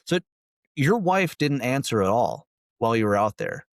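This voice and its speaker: A man's voice: medium pitch, big pitch swings, moderate pace, vocal fry, no echo. Easygoing young male host, casual and loose, dry studio sound. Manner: laid-back, says "dude" and "like" constantly. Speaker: podcast host. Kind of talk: casual chat.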